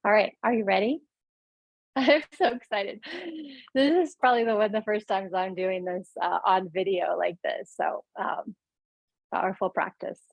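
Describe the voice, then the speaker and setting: A woman's voice: medium pitch, steady tone, normal speed, gravelly, no room sound, highs cut off. A woman yoga and mindfulness instructor leading a guided laughter exercise, upbeat and encouraging.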